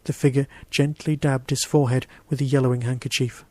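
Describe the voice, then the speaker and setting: A man narrating his own short story in a steady, even reading voice. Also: mid-range voice, brisk, no room sound. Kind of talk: audiobook-style story narration.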